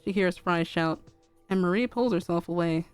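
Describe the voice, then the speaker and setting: Give me a young woman narrating a story on stream, a little low, faint music behind. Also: moderate pace, smooth. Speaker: streamer reading fanfiction.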